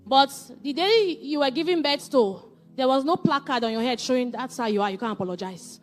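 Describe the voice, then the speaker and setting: A woman, giving a faith-based marriage teaching with animated, emphatic repetition. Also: high voice, fast talker, faint music behind.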